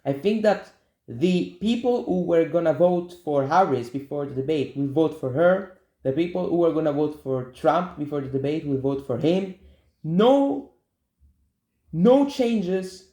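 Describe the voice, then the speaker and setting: A man's voice: a little high, mellow. Opinionated young man, echoey room. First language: Italian. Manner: opinionated, repetitive, addresses viewers as guys. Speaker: show host. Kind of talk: casual political commentary.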